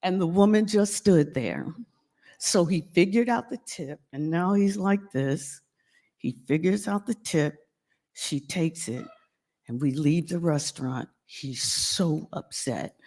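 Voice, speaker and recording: A woman's voice: lowish voice, slow pace. A woman telling a playful, laughter-filled story as she introduces a guest speaker at a college convocation. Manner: animated, playful, laughing often.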